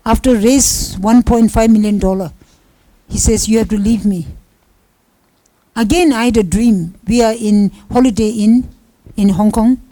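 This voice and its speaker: A woman teaching Buddhism through personal stories, her voice fairly high yet mellow and warm. She speaks in simple non-native English and plays out each quoted exchange as she tells it. The sound is close and dry. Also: unhurried, pauses often, no room sound, poor audio. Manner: storytelling with acted-out quoted dialogue. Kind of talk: dharma talk with personal stories.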